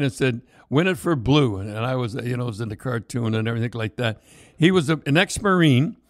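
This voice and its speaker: An older man telling rambling, animated anecdotes in casual chat, with many restarts and laughs. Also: mid-range voice, dry recording, clean studio sound. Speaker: storyteller co-host.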